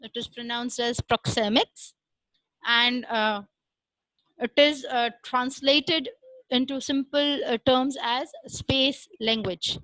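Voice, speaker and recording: Bright high-voiced woman lecturing. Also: steady tone, no room sound, poor audio. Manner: explains step by step with frequent "uh" pauses and "right?" checks. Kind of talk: recorded classroom lecture.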